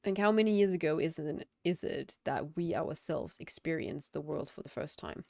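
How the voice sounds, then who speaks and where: A woman's voice: low-pitched, gravelly, a little mellow, no room sound, studio quality. A woman game streamer chatting casually and reflectively on a live stream, often laughing.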